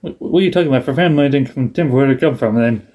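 A man in a casual chat, recapping a sitcom episode with animated energy and acting out the characters' lines. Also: medium pitch, rapid-fire. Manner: animated, acts out lines in a raised voice.

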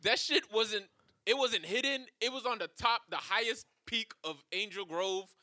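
A man co-hosting a podcast, telling stories in casual comedic chat, animated and profane, laughing often. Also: high voice, normal speed, no room sound, clean studio sound. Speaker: podcast co-host.

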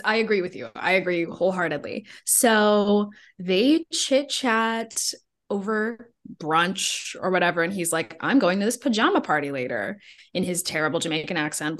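A woman co-hosting a podcast, recapping a film in casual chat with blunt jokes and frequent laughter. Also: mid-range voice. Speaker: podcast co-host.

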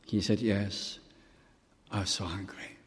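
An older man from Wales preaching a sermon, telling personal stories and quoting scripture slowly. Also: fairly low pitch, fairly even intonation, in a large hall. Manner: storytelling, warm pauses, quotes scripture slowly.

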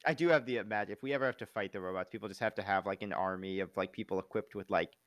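A man co-hosting a casual podcast chat, rambling with lots of filler words and quick jokes. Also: lowish voice, fairly bright tone, dry recording, clean studio sound. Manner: rambling, full of filler "like", jumps into silly voices. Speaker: podcast co-host.

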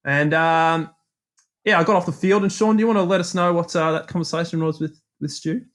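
An Australian man co-hosting a podcast, telling long anecdotes in a lively, self-mocking way. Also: a little high, fairly quick. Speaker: podcast co-host. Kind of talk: casual storytelling chat.

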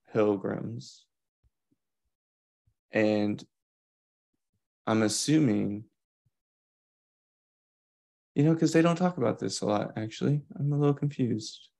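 A man's voice: medium pitch, creaky, darkish tone. A man co-hosting a podcast in casual chat, thinking aloud in long winding asides. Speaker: podcast co-host.

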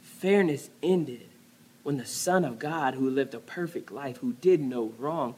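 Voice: mid-range voice, unhurried, darkish tone, breathy edge. A pastor preaching a conversational sermon, often dropping to a near-whisper on key words.

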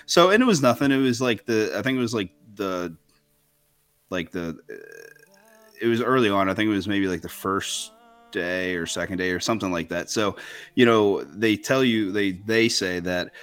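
Brief: young male podcast co-host, lower voice, loose rambling storyteller who laughs a lot. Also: animated, moderate pace, fairly bright tone, clean tone. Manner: rambling, self-interrupting, laughs often. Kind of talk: casual chat, storytelling.

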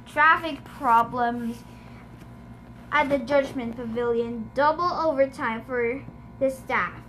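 Indignant god of the dead read by a woman; slow, high-voiced storybook delivery. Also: background noise. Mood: grumbling. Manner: indignant, bellowing, grumbling. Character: male god of the dead, angry, complaining.

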